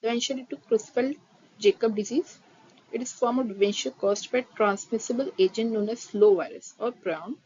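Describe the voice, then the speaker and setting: A woman teaches a nursing lecture, reading her notes at an even pace and then switching to rapid Hindi-English explanations. Her voice sits at a middle pitch. The audio is slightly dull, with a faint hiss underneath. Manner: reads terms steadily, then re-explains them quickly in Hindi-English mix.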